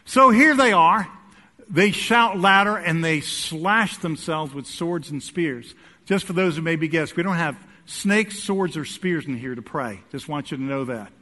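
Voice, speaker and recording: A male pastor preaching in a church sanctuary, his voice bright and a little high for a man. He tells his story with lively timing, dropping to soft asides and then climbing to loud, emphatic peaks. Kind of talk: sermon with humorous personal story.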